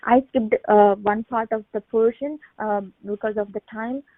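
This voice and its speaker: A woman around thirty giving a halting personal faith testimony on a phone call, with many restarts and repeated words. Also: on the high side, steady tone, no echo. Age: late 20s to 30. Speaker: testimony speaker on a prayer line. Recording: tinny phone line, dry.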